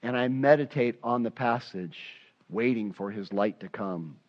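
A man's voice: medium pitch, a little slow, highs cut off. A man preaching a sermon as pastor, acting out prayers aloud with passion. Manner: impassioned, acts out prayers aloud.

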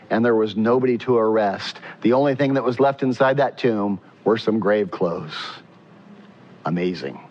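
A man preaching a sermon in an animated way, acting out voices and swinging from loud questions to hushed, tender lines. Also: mid-range voice, muffled recording. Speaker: pastor.

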